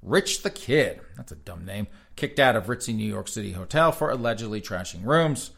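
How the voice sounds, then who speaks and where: A man with a lowish voice hosts a casual talk show. He reads headlines and article excerpts in a flat news cadence, then cuts in with sarcastic, mocking remarks. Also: moderate pace, creaky. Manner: sarcastic, mocking asides between read-outs. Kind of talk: casual commentary reading headlines aloud.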